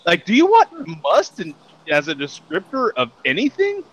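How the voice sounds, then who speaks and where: A man's voice: sits high, wildly swooping pitch, normal speed, fairly bright tone, dull audio. A man hosting a casual beer chat show, laughing often and joking as he reads out tasting notes. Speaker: podcast host.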